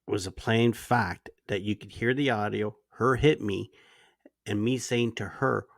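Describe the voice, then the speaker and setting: A man's voice: on the low side, fairly even intonation, unhurried, gravelly, no room sound, studio quality. A man who is a podcast guest, telling his side of a story in casual conversation, earnest and indignant, with some swearing. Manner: earnest, indignant retelling with profanity.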